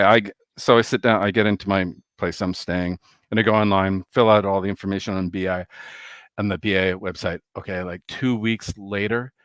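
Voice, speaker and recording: Rambling man with a dry, low voice. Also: no room sound. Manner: excitable, swearing, laughs while storytelling. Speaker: vinyl record collector vlogger. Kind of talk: rambling casual chat.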